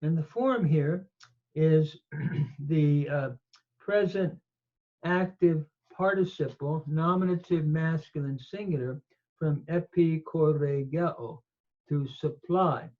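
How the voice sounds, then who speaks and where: Slow, methodical male Bible teacher. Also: on the high side, narrow, tinny audio. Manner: slow, methodical explanation with fillers. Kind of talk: Greek grammar lesson.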